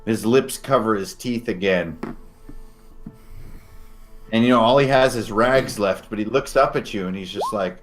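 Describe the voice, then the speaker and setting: A man as game master, narrating scenes descriptively and slowing down for dramatic moments. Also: lowish voice, soft background music.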